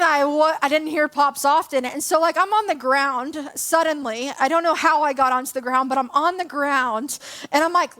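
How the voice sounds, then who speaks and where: A woman's voice: sits high, pushed and bright. A woman in her twenties giving a church message, telling a personal story in a chatty, self-deprecating way with plenty of fillers. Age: 20s. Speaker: church speaker. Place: church hall.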